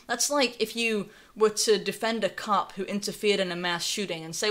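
A woman's voice: mid-range voice, fairly even intonation, normal speed, a bit bright. A young woman with a North Carolina accent hosting a live stream, giving sarcastic, conversational commentary and reading viewer messages aloud. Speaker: livestream host.

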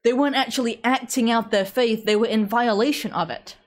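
A woman's voice: fairly high pitch, a little fast. A woman from England with an English accent, hosting a casual commentary show and talking to viewers in a sarcastic, chatty way. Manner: sarcastic, chatty, frequent restarts and laughs.

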